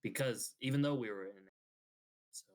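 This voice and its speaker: A young man in a casual faith talk, speaking in a halting, thoughtful way with pauses and ums. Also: medium pitch, darkish tone. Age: young adult.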